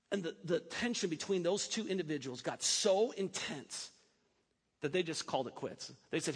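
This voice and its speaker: A male pastor preaching a sermon in a church, animated and breaking in with joking asides. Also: fairly high pitch, normal speed, husky. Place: church sanctuary. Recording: long hall reverb.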